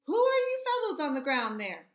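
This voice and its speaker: A woman reading aloud gives voice to a gruff old male army mule in a storybook, dry and scolding. He sounds sure he knows better than everyone. The voice sits fairly high, in a roomy, echoing space. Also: huge pitch swings, normal speed, full character voice. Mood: scornful. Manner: dry, scolding, know-it-all.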